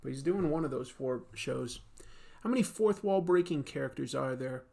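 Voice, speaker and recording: A man's voice: mid-range voice, expressive, normal speed, vocal fry, a little mellow. Man, livestream host, casual chat, rambling, joking, lots of fillers. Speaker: comics artist and livestream host.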